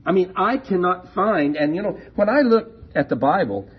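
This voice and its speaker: A man preaching a sermon, slow and deliberate, leaning hard on key words. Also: sits high, lively intonation, breathy edge. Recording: dull lo-fi recording.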